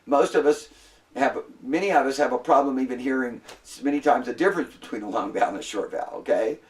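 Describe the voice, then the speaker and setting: A man's voice: mid-range voice, fast talker, recorded from a distance. A man lecturing a classroom as a Hebrew instructor, patient and repetitive, often prompting the students to answer.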